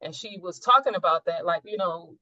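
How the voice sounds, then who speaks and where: A woman's voice: on the low side, brisk, pushed and bright, dry recording. A woman sharing a personal spiritual experience in a coaching session, earnest and searching, often rephrasing mid-thought. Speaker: coaching client. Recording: dull, dry recording.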